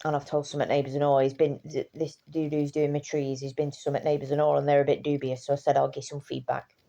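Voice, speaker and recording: Tired woman vlogging; low, dark, gravelly voice, loose and chatty. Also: flat delivery, fast talker. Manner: chatty, swears casually, trails off and restarts. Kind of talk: casual rambling chat.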